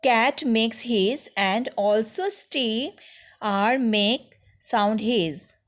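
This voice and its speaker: Speaking very slowly in a fairly high, fairly bright voice, a female school teacher with an Indian English accent takes young children through a lesson. She is patient and goes step by step, often checking in with "okay?".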